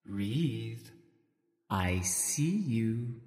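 A man doing a hushed, ominous ice witch. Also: mid-range voice, animated, very slow, big-room sound. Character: prophetic female ice witch, dark and ominous.

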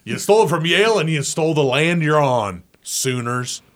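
A man co-hosting a sports talk show, trading banter and quick reactions. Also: on the high side, expressive. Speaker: sports radio co-host.

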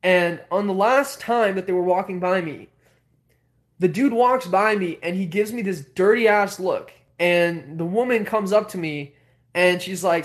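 A man hosting a livestream, telling a story casually in a rambling, animated way with many filler words. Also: high-pitched, measured pace. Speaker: host.

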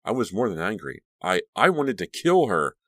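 A man's voice: lowish voice, big pitch swings, normal speed, fairly bright tone, no echo, studio quality, pitched above the performer's own voice. A man reading a frightened, raging teen girl. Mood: shaken.

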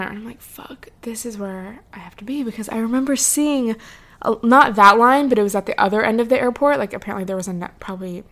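A young woman hosts her podcast and tells a travel story alone at the mic. She talks in a loose, chatty way, with many fillers and a few swear words, at a middle pitch. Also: a bit bright. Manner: chatty, lots of "like" and "um", swears freely. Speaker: podcast host. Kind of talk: casual storytelling monologue.

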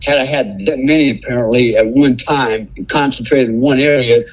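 A man's voice: mid-range voice, moderate pace, highs cut off. A man telling a story as a podcast guest, laughing often and tossing in "man" and "right?". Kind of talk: casual storytelling.

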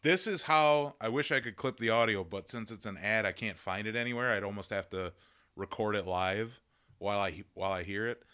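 Bright-voiced, profane man co-hosting a podcast. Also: lowish voice, brisk, clear, resonant tone. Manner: profane, laughing, does mocking impressions. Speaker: podcast co-host. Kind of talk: casual banter.

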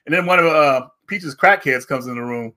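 A man hosting a podcast, casually retelling a series and acting out the characters in animated raised voices. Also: a little high, moderate pace. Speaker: podcast host. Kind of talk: casual review chat.

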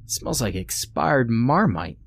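A man's voice: mid-range voice, very animated, unhurried, gravelly, no echo, pitched above the performer's own voice, full character voice. A man voicing a frightened, irritable burly young man who keeps pleading and complaining as they explore. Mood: irate, squeamish.

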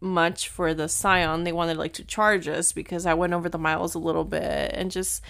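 A woman's voice: on the low side, fairly even intonation, moderate pace, creaky, fairly bright tone. A woman in her thirties telling viewers a personal story in a chatty, filler-heavy way, mixing in Spanish words. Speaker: vlogger.

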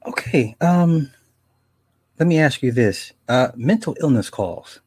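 A man hosting an interview, asking questions in a casual, halting way. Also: medium pitch, animated, a little mellow, slightly rough, no echo. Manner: halting, asks questions with restarts. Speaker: podcast host.

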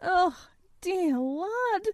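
A woman's voice: high voice, animated, drawn-out words, darkish tone, dry recording, clean studio sound, pitched above the performer's own voice, heavily acted. A woman doing a tender country mother.

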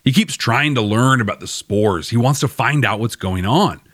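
Host, young man, lively wry recap, dry close sound. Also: mid-range voice, normal speed, no echo. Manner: wry, animated, chuckling asides. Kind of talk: casual episode recap.

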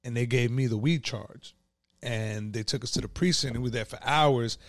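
A man's voice: mid-range voice, normal speed, dry recording, studio quality. A man telling his own story in a casual, profane, streetwise way, full of "like" and "you know".

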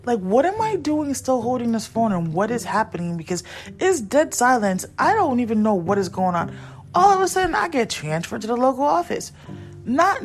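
A woman's voice: on the high side, big pitch swings, normal speed, soft background music. A young adult woman venting in a blunt, frustrated storytime, repeating herself for emphasis. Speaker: vlogger.

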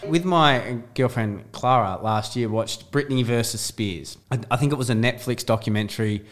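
A man's voice: mid-range voice, normal speed. A young man, co-hosting a casual podcast chat and acting out the people in his stories. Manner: animated storyteller, acts out quotes. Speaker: podcast co-host.

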